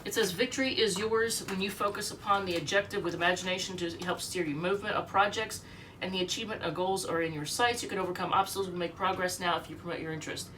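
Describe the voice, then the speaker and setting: A woman's voice: lowish voice, steady tone, fast, a bit bright, far from the mic, slight background noise. A sick, short-of-breath woman giving a rambling, chatty tarot reading at home, reading the card meanings aloud. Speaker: tarot reader.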